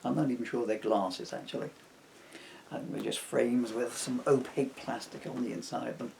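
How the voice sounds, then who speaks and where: A man's voice: medium pitch, fairly even intonation, moderate pace, gravelly, a little mellow, a little hiss or hum. A man reading aloud from his own comic novel, breaking off often for self-mocking asides. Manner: digressive, self-mocking jokes between passages.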